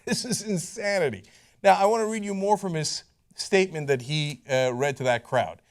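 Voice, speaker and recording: A man hosting political commentary in a sarcastic, incredulous, animated way. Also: fairly high pitch, normal speed.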